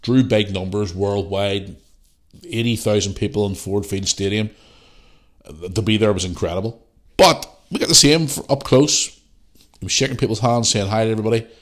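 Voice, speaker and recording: A man from Northern Ireland with a Northern Irish accent hosts a casual solo podcast in a lowish voice, at a moderate pace with fairly even intonation. He's blunt and opinionated and swears freely. He's getting over the flu and sounds sniffly.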